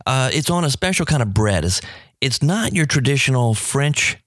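A man talks food on his radio show, rambling and enthusiastic, his voice leaping up whenever something delights him. His middle-pitched voice sits in a dry, close sound. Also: moderate pace, no room sound. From New Orleans. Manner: enthusiastic, rambling, pitch jumps when excited. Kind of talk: radio talk about food.

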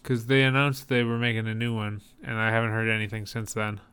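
A man's voice: lowish voice, completely flat delivery, a little fast, fairly bright tone, clean tone. A man hosting a podcast in casual chat, wry and upbeat. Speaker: podcast host.

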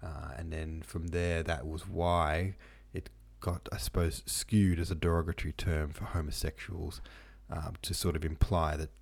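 This podcast host speaks in a rumbling low, creaky voice at normal speed, flat in delivery and with few pauses. On his laid-back book-club show, he reads out listener notes and reference passages, chatting through them thoughtfully with lots of ums and side remarks.

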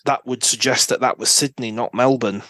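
A man's voice: mid-range voice, fairly even intonation, moderate pace, a bit bright, no echo. A British man with a mid-range voice chats as a podcast guest. He is eager, asks questions and piles on nerdy detail. The recording is dry, with no room sound. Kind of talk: casual chat about TV dramas.

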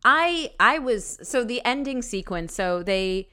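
A woman co-hosting a casual movie review podcast, chatty and excitable, swearing now and then. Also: fairly high pitch, a little slow, clear, resonant tone. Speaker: podcast co-host.

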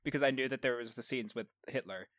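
A man's voice: mid-range voice, quick pace, fairly bright tone, no echo, clean studio sound. A young man co-hosting a casual movie podcast, telling stories with a joking, laughing manner. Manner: laughing, jokey storytelling. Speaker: podcast co-host.

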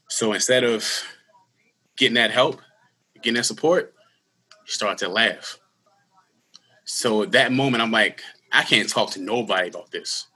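A man in his thirties telling his personal story in an interview, earnest and candid, with halting restarts. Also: on the low side, bright, forceful tone, slightly rough. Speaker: guest; school security worker.

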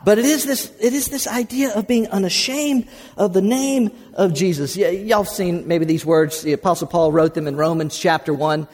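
A man's voice: high-pitched, moderate pace, darkish tone. A man preaching a sermon, telling folksy stories and calling on the congregation to answer back. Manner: folksy storytelling, calls congregation to respond. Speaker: pastor. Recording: reverberant sanctuary.

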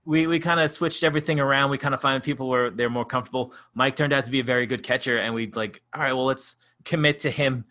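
A man's voice: medium pitch, fairly even intonation, fast, few pauses, bright, forceful tone. A man co-hosting a podcast in casual chat, telling rambling stories with frequent laughs and swearing. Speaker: podcast co-host.

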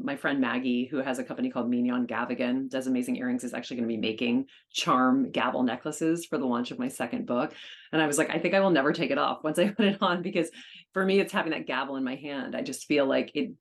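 A woman guest on an interview podcast, a charity auctioneer talking in an upbeat, energetic way. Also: a bass voice. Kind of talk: casual conversational interview.

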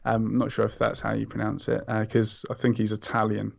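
A man's voice: fairly low pitch, completely flat delivery, fairly quick, creaky. A man, a podcast guest, recommending a comic in casual chat, hesitant with many ums and restarts. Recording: slightly dull lo-fi sound.

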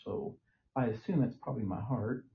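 A man's voice: medium pitch, moderate pace, creaky. Older guy patient, breathless, rambling and cussing, dull lo-fi sound with faint hiss. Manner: rambling, plain-spoken, swears freely. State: short of breath. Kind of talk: casual conversation. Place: hospital room. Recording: dull lo-fi recording with faint noise.

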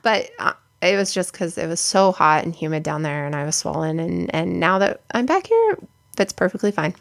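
Chatty young woman with a gravelly voice. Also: on the low side, animated, moderate pace. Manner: chatty, many "like" fillers. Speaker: podcast co-host. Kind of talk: casual chat, storytelling.

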